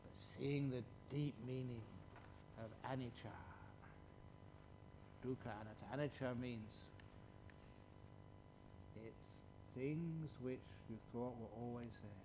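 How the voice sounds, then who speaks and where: A man, a Buddhist monk, giving a playful dharma talk and answering questions at a retreat, chuckling and stretching words slowly for emphasis. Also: medium pitch, noisy background.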